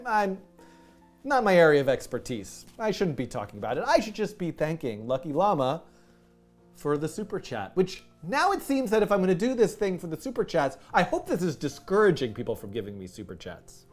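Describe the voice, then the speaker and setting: Man, live coding host, casual chat, animated, self-mocking, slightly high voice, faint music. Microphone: headset with music in his ear.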